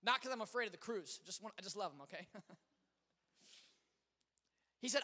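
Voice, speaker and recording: A man preaching a sermon as pastor, telling stories with animated swings between loud exclamations and quiet asides. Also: sits high, normal speed, long pauses. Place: church sanctuary. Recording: long hall reverb.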